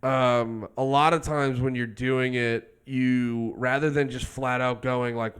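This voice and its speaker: A young man co-hosting a casual comedic music podcast, joking and breaking into high shouted bits. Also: takes it slowly, few pauses, clean tone. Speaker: podcast co-host.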